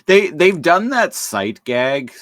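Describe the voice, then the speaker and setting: A man co-hosting a podcast in casual chat, amused and quick to laugh. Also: on the high side, big pitch swings, a bit bright, dry recording. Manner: amused, laughs often while chatting. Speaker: podcast co-host. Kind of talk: casual chat recapping a cartoon episode.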